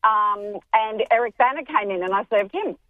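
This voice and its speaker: An older Australian woman calling in to a radio show, telling a story with excitement over the phone. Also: medium pitch, normal speed, no echo. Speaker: caller. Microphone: telephone. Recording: tinny phone line.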